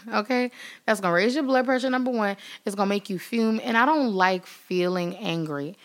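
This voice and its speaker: A woman talks straight to her viewers in a motivational vlog, her voice pitched in a middle range for a woman. She leans on repeated words for emphasis. She acts out the voices of the people she quotes and laughs now and then. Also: moderate pace. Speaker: vlogger. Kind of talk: motivational vlog talk to camera.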